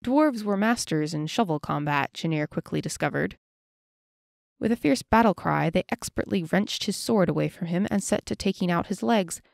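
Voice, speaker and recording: A woman narrating a fantasy audiobook in a steady, measured way. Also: lowish voice, vocal fry, no echo, clean studio sound.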